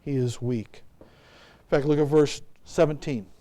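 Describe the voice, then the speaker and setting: A pastor preaching a sermon in church, retelling a story with lively acted-out quotes. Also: male voice, medium pitch, measured pace. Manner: animated storytelling, acting out quotes.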